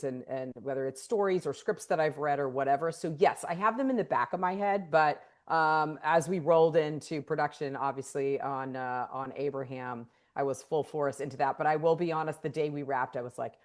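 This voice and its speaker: A woman's voice: sits low, darkish tone. A woman director from the San Francisco Bay Area, chatting thoughtfully with plenty of fillers in a video call interview. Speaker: film director. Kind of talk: casual interview chat. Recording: remote video call audio.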